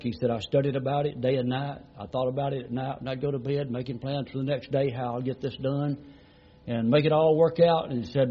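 Pastor, middle-aged man, husky voice, folksy sermon storyteller, muffled lo-fi recording. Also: mid-range voice. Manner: folksy, repetitive retelling with many "he said" tags.

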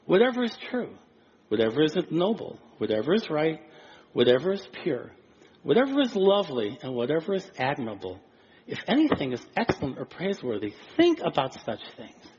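A male pastor preaching a sermon, animated and acting out little scenes of dialogue. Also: on the high side, brisk, husky. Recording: dull lo-fi recording with faint noise.

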